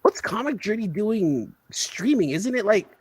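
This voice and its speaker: A man co-hosting a casual live stream, animated and quick to laugh as he banters. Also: high voice, slightly rough, dry recording. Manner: animated, laughs often, excitable. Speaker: co-host.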